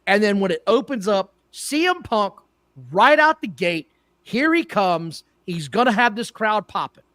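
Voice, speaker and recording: A man's voice: sits high, lively intonation, measured pace, a bit bright, dry recording, studio quality. A man co-hosting a wrestling podcast, blunt and opinionated, who often trips over names. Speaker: podcast co-host. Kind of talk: casual wrestling talk.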